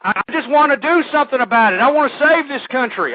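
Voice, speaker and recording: A male talk radio host ranting through a monologue, swinging between shouting and weary sighs. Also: very high-pitched, expressive, quick pace, no room sound. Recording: dry tinny phone-line audio.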